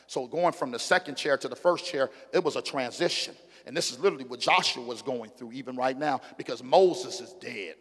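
A middle-aged male pastor preaching a sermon with call-and-response, moving from quiet asides to loud, shouted emphasis. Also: medium pitch. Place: church sanctuary. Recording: long hall reverb.

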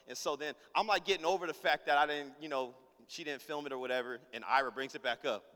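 A male pastor tells a story from the pulpit in a high, bright voice that rings out across a hall with a long reverb. He talks casually and full of slang, and he acts out each person in the story with lively energy. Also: fast talker. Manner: animated, acts out every character in the story; casual slang-heavy delivery. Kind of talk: storytelling sermon.

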